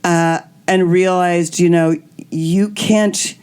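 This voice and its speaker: A middle-aged woman hosting a podcast, telling candid personal stories in an animated way and acting out the voices of people she quotes. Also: on the low side, takes it slowly, clear, resonant tone. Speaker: podcast host. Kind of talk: candid storytelling chat.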